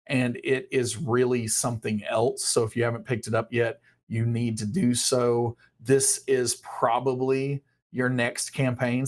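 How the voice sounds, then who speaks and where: Male host, casual live-stream update, relaxed and chatty, mid pitch. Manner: casual, friendly, a few uh fillers.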